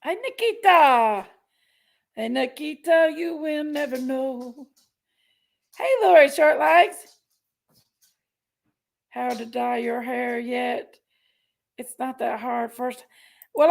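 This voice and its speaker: A woman's voice: high voice, lively intonation, takes it slowly, gravelly, pauses often. A woman hosting a casual livestream. She chats affectionately with viewers and greets them by name and pet name. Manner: chatty and affectionate, calls viewers pet names. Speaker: livestream host.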